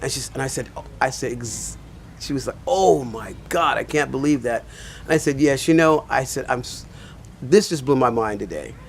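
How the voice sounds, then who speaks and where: A man's voice: mid-range voice, animated, fairly quick, a little hiss or hum. An older man, a pastor and teacher, telling a rambling personal story in casual talk with many fillers.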